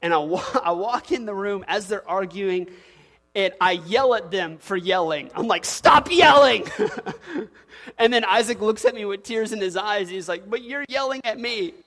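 A man's voice: high-pitched, normal speed, a bit bright. A man in his thirties preaching a sermon as pastor, telling stories with laughs and acted quotes. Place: church sanctuary. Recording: long church reverb.

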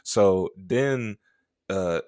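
A man's voice: low voice, drawn-out words, no room sound, studio quality. A man co-hosting a podcast, casually telling a funny story, laughing often and acting out what people said. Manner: animated, laughing, acts out quotes. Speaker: podcast co-host.

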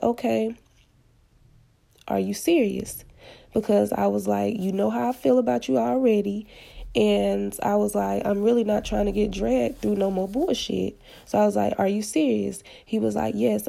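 A woman's voice: medium pitch, creaky, mellow. A woman casually retelling a personal story with blunt, slangy, profane candor. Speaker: podcast storyteller.

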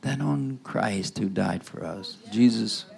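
A man preaching a sermon in a loose, conversational style, tossing asides to the congregation and swinging between loud bursts and near-whispers. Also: on the low side, takes it slowly, vocal fry, slight background noise. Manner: call-and-response asides, rising to loud bursts then dropping to whispers.

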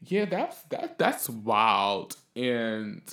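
A man's voice: lowish voice, big pitch swings, extremely slow. Profane, ranting man in an echoey room. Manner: blunt, profane, heated ranting that flares up loud. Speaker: podcast host. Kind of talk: casual opinion monologue.

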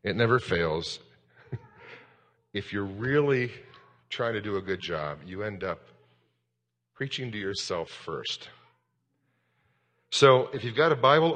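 Candid pastor preaching in a reverberant hall. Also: male voice, mid-range voice, a little slow, long pauses. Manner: candid, self-deprecating, rambling and animated. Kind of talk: sermon.

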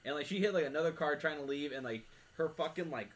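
A man's voice: a little high, fast. A young man chatting casually with friends in a garage, rambling and leaning on filler words. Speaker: podcast co-host. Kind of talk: casual chat. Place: home garage.

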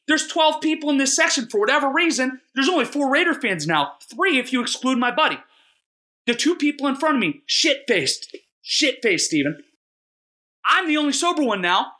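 A young man co-hosting a podcast, telling a long rambling story in a self-mocking, excitable way. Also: very high-pitched. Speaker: podcast co-host. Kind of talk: casual storytelling chat.

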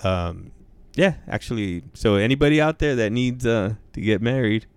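A man's voice: mid-range voice, animated, moderate pace, clean tone, dry recording. A young man co-hosting a casual chat, blunt and teasing, with frequent swearing. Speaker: podcast co-host.

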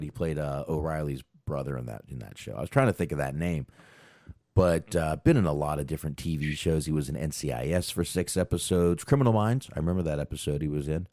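A man's voice: extremely low pitch, mellow, no room sound, clean studio sound. A man hosting a podcast, rambling casually about a film and thinking aloud while looking things up. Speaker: podcast host.

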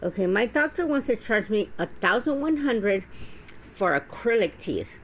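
A woman's voice: medium pitch, sing-song, normal speed, slight background noise, poor audio. A middle-aged woman talking straight to camera in a blunt, profane, rambling monologue full of restarts. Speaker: vlogger. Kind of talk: casual monologue.

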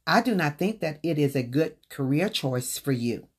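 A woman voicing a cold, dismissive female school counselor who speaks flatly and curtly. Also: low-pitched, normal speed, slightly rough.

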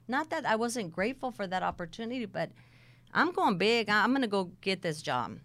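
A middle-aged woman casually telling her career story, blunt and animated, acting out the dialogue. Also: medium pitch, brisk.

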